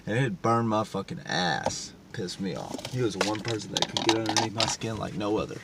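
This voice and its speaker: Deep gravelly guy pouring his heart out, swearing, kinda far from the mic with engine noise behind. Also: lively intonation, brisk. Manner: raw, emotional, profane. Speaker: vlogger. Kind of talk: personal confession to camera. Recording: distant mic with vehicle noise.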